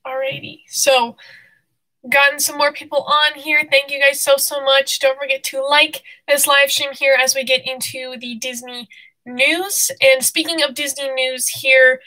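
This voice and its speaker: A young woman hosting a casual live stream, bubbly and excitable, out of breath and laughing often. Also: high-pitched, a little slow, poor audio.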